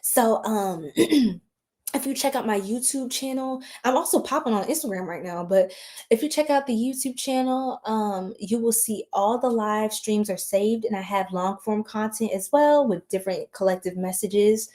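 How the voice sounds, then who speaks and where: A woman's voice: medium pitch, moderate pace, mellow. Female tarot streamer, late at night; tired, scattered, giggly, chats with viewers nonstop. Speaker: tarot reader livestreaming.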